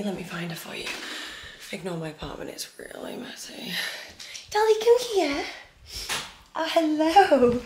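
A young woman vlogging casually while sick with a bad cold, chatty and self-deprecating, with a slight lisp. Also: sits low. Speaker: equestrian vlogger. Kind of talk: casual vlog chat.

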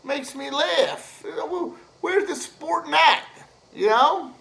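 A man with a high, bright voice rants at a slow, drawn-out pace. He swears constantly, leans on fillers and laughs at his own jokes. The delivery is crude and rambling. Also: animated, gravelly, poor audio. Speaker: host ranting to camera. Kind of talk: profane rambling rant.

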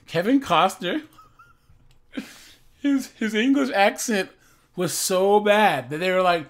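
A man with a high-pitched, slightly bright voice gives laid-back, rambling reaction commentary at a slow pace, often calling his viewers "guys" and "man."

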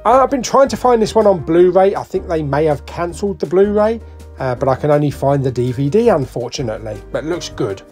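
A man's voice: on the high side, brisk, faint music behind. A British man giving a casual, jokey walk-through of a shop's discs and their prices while filming as he goes. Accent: British English. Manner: chatty, jokey, lively, ticks off titles and prices. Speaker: vlogger.

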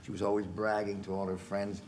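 A man in his sixties, a film actor as a television interview guest, telling stories in a lively way and acting out the quotes. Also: on the low side, fairly quick. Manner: animated storyteller, acts out quotes, chuckles. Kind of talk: relaxed anecdotal storytelling. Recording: faint background noise, 1970s television interview.

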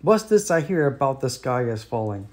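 A man with an American accent voicing a grand rooster king who speaks slowly and stately in a storybook read-aloud. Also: mid-range voice, sing-song, darkish tone, natural voice.

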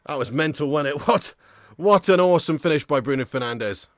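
A man hosting a live football watch-along, commentating as an excitable, swearing fan. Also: a little high, a little fast, no echo, clean studio sound.

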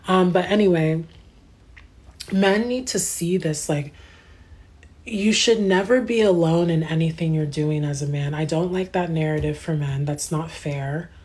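Woman livestreaming, kinda low voice, slangy and animated, chatting back at the comments. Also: a little slow. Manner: slangy, animated storytelling that answers chat comments. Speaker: livestream host. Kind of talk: casual livestream chat.

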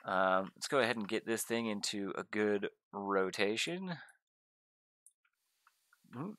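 A young man narrating his gameplay in a casual, excitable way, often gushing to his viewers. His voice sits a little low but carries a bright, forceful edge. It is recorded dry and close on a desk mic. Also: slow, no echo. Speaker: gaming YouTuber.

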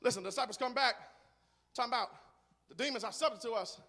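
A man preaching a sermon in a large church, moving from quiet talk to shouted, rhythmic preaching. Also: very high-pitched, quick pace, in a large hall. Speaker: guest preacher.

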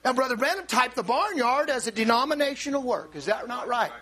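A man preaching with a high, bright voice that swings widely in pitch. He delivers the sermon with animated energy, stumbling over restarts and rising to shouts. His tone is sharp and forceful throughout. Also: brisk.

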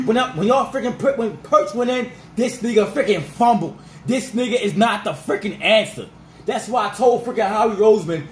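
A man ranting as a sports fan vlogger, fired up and repetitive, his voice going rough. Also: high voice, echoey room, slight background noise, low-quality recording. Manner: fired-up, repetitive, peppered with 'freaking' and 'dog'.

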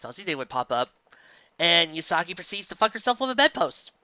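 A bright, forceful voice reads a fanfic aloud and keeps breaking off into sarcastic, exasperated rants. The recording sounds a little dull and lo-fi, and the room is dry and close. The reader is from the Southern United States. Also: mid-range voice, very animated, brisk, dry recording. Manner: sarcastic, exasperated, jumps between reading and ranting. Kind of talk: comedic reading with sarcastic asides.

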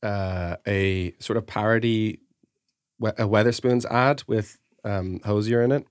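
A man's voice: on the low side, steady tone, smooth, dry recording, studio quality. A young man co-hosting a comedy podcast, telling anecdotes casually and stumbling over his words. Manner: quick anecdotal storyteller with stumbles and laughs. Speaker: podcast co-host.

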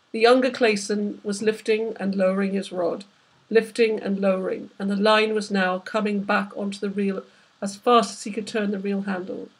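A woman's voice: medium pitch, husky. A woman, the author, reading aloud from her novel with vivid, dramatic storytelling. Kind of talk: literary reading.

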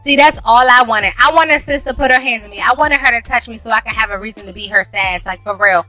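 A woman's voice: fairly high pitch, quick pace, bright, forceful tone, soft background music. A woman narrating a life-sim game video in a sassy, dramatic way, full of slang. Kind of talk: casual gameplay commentary.

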